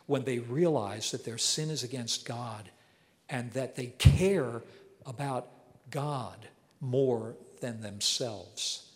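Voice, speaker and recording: A man giving an earnest, emphatic verse-by-verse Bible lesson as a teacher. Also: medium pitch. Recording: long hall reverb.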